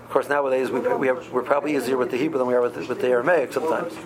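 A man, teaching a halacha class in a halting way, with many ums and restarts. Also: mid-range voice, fairly even intonation, crowd noise, rough recording. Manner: halting, many ums and restarts, mixes Hebrew and Aramaic terms. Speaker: Torah teacher. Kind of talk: halacha class explaining Jewish law.

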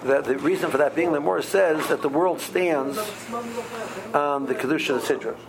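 Man, gravelly voice, slightly high, halting halacha class, people murmuring behind. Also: crowd noise, poor audio. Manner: halting, many ums and restarts, mixes Hebrew and Aramaic terms. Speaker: Torah teacher. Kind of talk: halacha class explaining Jewish law.

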